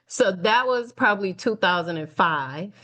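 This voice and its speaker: A woman's voice: medium pitch, normal speed. A middle-aged woman from Detroit telling her story as an interview guest, acting out the voices of people she quotes and laughing easily. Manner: animated, acts out quoted dialogue, laughs easily. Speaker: guest, nonprofit founder and speaker. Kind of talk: conversational storytelling.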